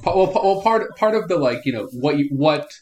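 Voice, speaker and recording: A man's voice: fairly high pitch, lively intonation, brisk, noisy background. Hesitant man on a podcast. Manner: hesitant, filler-heavy, amused. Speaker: podcast co-host. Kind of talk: casual podcast discussion.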